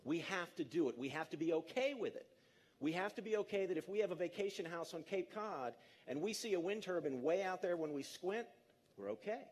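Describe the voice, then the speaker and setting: A man in his fifties gives a live public talk in an energetic, emphatic way and engages the audience directly. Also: sits high, a little fast. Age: 50s. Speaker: conference speaker.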